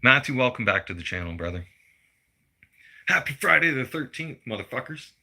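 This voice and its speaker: A man's voice: mid-range voice, sing-song, moderate pace, sharp tone. A man, delivering a blunt, heated political rant full of swearing. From Canada. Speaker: vlogger.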